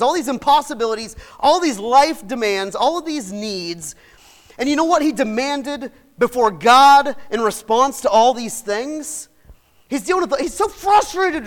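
Man, pastor, sermon, high pitch, very lively pitch, folksy, laughs a lot. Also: moderate pace. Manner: animated, swings from shouting to soft asides, acts out quotes; folksy, chatty, laughs often.

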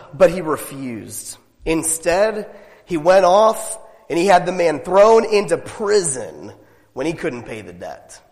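A man preaching a sermon as pastor, emphatic and animated, asking his listeners rhetorical questions. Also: a little high, slow, in a large hall.

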